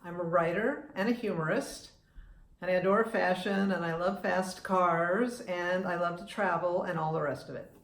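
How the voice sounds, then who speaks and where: A woman's voice: fairly low pitch, normal speed. Chatty woman in her seventies, echoey room. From United States. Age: 70s. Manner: chatty, opinionated, with frequent restarts. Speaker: vlogger and humorist. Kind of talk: casual talking-to-camera vlog.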